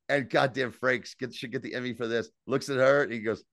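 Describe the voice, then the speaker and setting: A man co-hosting a podcast, recapping an episode in casual, profane, animated chat. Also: medium pitch, fast talker, creaky, hardly any pauses, dry recording, clean studio sound. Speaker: podcast co-host.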